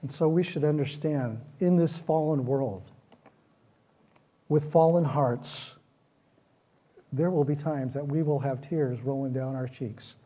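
A man's voice: medium pitch, a little slow, pauses often, warm tone. A man preaching a sermon, earnest, with repeated phrases that build in intensity. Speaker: pastor.

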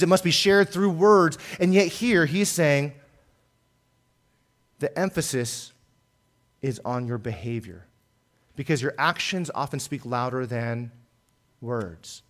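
A male pastor delivering a sermon with a somewhat high voice. He preaches earnestly, his volume swelling on key points and easing off quietly after them. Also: expressive, unhurried, long pauses.

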